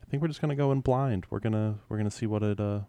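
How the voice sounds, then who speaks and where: A young man co-hosting a music podcast, giving measured opinions with a dry, lightly teasing manner. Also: fairly low pitch, dark tone, clean tone, dry recording. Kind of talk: casual music review chat.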